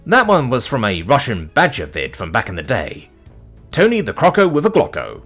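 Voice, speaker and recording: A man's voice: medium pitch, wildly swooping pitch, normal speed, a bit bright, faint music behind, full character voice. A man voicing a sheepish young male wizard who rambles through nervous apologies.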